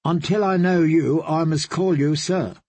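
A confused young girl asks her questions in a plaintive, guarded voice, played by a male narrator. The voice is pitched well above his own and a little husky. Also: steady tone, a little slow, a little mellow, no room sound.

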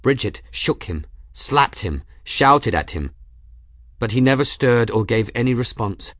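A man reading a novel aloud as narrator, steady and measured. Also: mid-range voice, no room sound, clean studio sound. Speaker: audiobook narrator. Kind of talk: scripted narration.

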